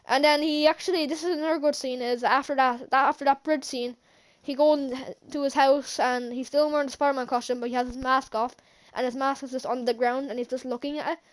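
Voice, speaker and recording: A woman's voice: high-pitched, fairly even intonation, brisk, hardly any pauses. A woman casually recapping a movie for her vlog, rambling with many fillers and restarts and chuckling now and then. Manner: chuckles often while recounting scenes. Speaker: channel host, film reviewer.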